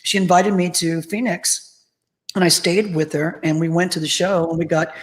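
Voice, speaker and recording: A woman's voice: fairly low pitch, normal speed, rough recording. Chatty woman telling backstage stories. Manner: chatty, animated anecdotes full of acted-out quotes. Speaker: tribute band singer, interview guest. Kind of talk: casual interview storytelling.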